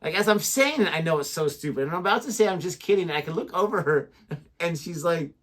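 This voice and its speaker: A man's voice: fairly high pitch, lively intonation, fast talker, a bit bright. A man co-hosting a reaction video, chatting casually in a rambling, self-mocking way. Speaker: co-host of a reaction channel.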